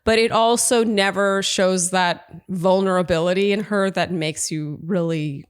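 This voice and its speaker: A woman's voice: medium pitch, steady tone, measured pace, clean tone. A woman hosting a podcast, recapping a TV show in a casual, teasing way and laughing often. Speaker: podcast host.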